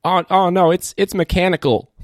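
A man putting on a baffled high-pitched teen boy. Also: fairly even intonation, normal speed, dry recording, studio quality, lightly acted. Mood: confused. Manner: puzzled, high-pitched delivery. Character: confused teenage boy student, mishearing.

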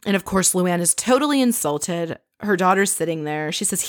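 A woman recapping a reality show for her viewers in an animated, gossipy way, swearing casually as she tells the story. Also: medium pitch, fairly quick, few pauses, no echo, clean studio sound.

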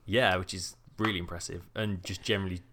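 A British man co-hosting a casual motorsport podcast, enthusiastic and quick to laugh. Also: low voice, steady tone, crowd noise. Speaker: podcast co-host.

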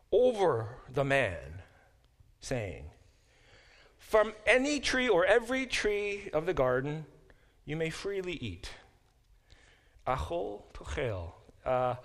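A middle-aged man teaching a class, explaining with lively examples and frequent restarts. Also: medium pitch. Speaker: professor teaching a Bible class. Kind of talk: classroom lecture.

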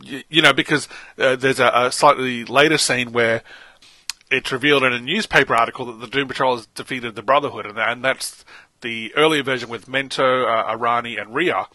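Casting note: Australian man, podcast co-host, bright voice, dry close sound, excitable chat. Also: medium pitch, a little fast, no echo. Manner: animated, enthusiastic, laughs often. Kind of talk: casual chat.

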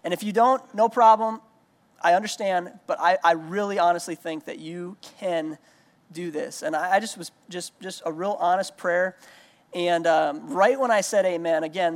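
A man preaching a sermon as pastor, telling personal stories in a conversational way with many restarts. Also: high voice. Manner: conversational storytelling, frequent restarts. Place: church sanctuary. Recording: long reverb of a large hall.

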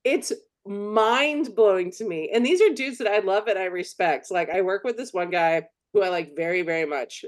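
A woman's voice: mid-range voice, normal speed, hardly any pauses. A woman co-hosting a podcast in casual chat, blunt and emphatic, swearing freely. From United States. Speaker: podcast co-host.

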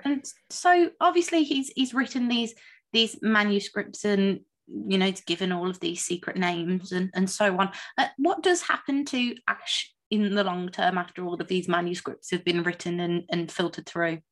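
A woman's voice: mid-range voice, normal speed. A woman co-hosting an interview, summarizing and asking curious follow-up questions. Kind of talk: conversational interview.

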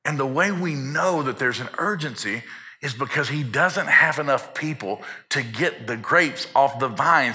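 A man's voice: mid-range voice, pushed and bright. A man preaching a sermon in an earnest tone, building urgency and repeating words when he gets fired up.

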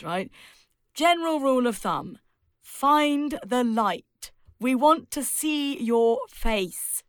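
Woman, speaking coach, podcast guest, lively and emphatic, laughs a lot, dry close sound. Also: a little high, clear, resonant tone, dry recording. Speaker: public speaking coach and author.

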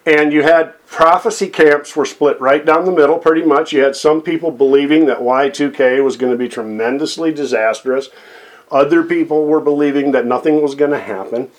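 A man's voice: fairly high pitch, normal speed. A middle-aged man preaching on Bible prophecy in a folksy way, often checking in with "okay?" and "amen".

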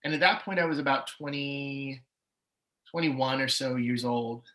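A man's voice: medium pitch, measured pace, pushed and bright, poor audio. A man in his forties, a podcast guest, telling his personal story with candor and swings of emotion. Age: 40s. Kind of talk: personal testimony in an interview.

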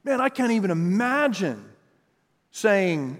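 A man preaching a sermon as pastor, lively and conversational, acting out quoted voices. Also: fairly high pitch, moderate pace, big-room sound. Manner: animated, acts out quotes in voices.

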